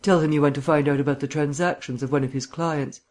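A man voicing a suave, bantering gentleman sleuth with bland, mannered phrasing in an audiobook reading. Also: a little high, fairly even intonation, fast talker, lightly acted. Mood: earnest.

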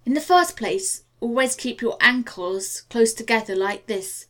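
A woman's voice: fairly high pitch, animated, measured pace, fairly bright tone. A woman reading as a cocky young lieutenant. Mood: teasing.

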